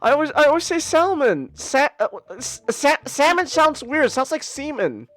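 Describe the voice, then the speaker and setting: A woman's voice: high-pitched, animated, moderate pace, a bit bright, no echo, soft background music. A woman co-hosting a podcast in casual chat, flustered and defensive, stumbling over many restarts. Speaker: podcast co-host.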